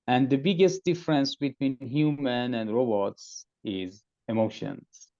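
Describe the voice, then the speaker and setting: A man serving as an external examiner, giving deliberate, emphatic spoken feedback to students and repeating key phrases. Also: medium pitch, a little mellow. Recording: dull lo-fi audio.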